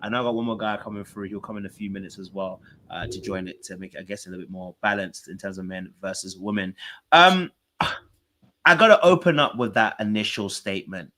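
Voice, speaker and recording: A man's voice: on the low side, brisk, bright, forceful tone. A man hosting a casual online talk show, welcoming guests with a loose, drawling patter full of "you know what I mean.". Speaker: podcast host. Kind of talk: casual chat.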